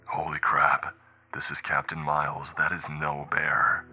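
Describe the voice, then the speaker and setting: Stranded captain, deep low voice, subdued log entries by a male narrator, soft music under. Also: monotone, measured pace, breathy edge, muffled recording, heavily acted. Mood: panicked. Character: frightened male airline captain, recorded log.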